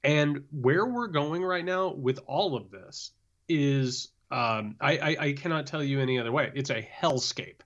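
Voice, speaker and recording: A man's voice: mid-range voice, a little slow, a bit bright, lo-fi sound. A man co-hosting a podcast in casual political chat, impassioned and sarcastic. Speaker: podcast co-host.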